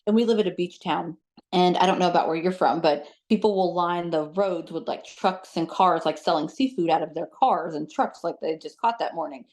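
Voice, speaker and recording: A woman who works as a psychic medium, telling stories as an interview guest in a chatty, animated way with lots of fillers. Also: on the low side, fairly quick. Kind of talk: casual storytelling in an interview.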